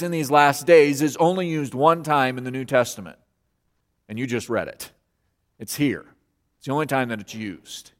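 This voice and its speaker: A man preaching a sermon as pastor, earnest and emphatic, repeating key phrases for weight. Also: mid-range voice. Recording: long hall reverb.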